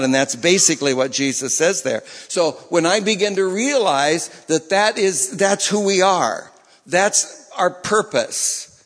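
A man's voice: on the high side, fairly bright tone. Man preaching in a reverberant hall. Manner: conversational, repeats and restarts phrases. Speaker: pastor. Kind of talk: sermon.

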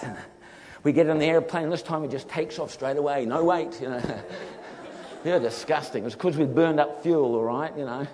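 Male preacher, animated storyteller, slightly high voice, in a reverberant hall. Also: slight background noise. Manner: animated storyteller, acts out voices, laughs often.

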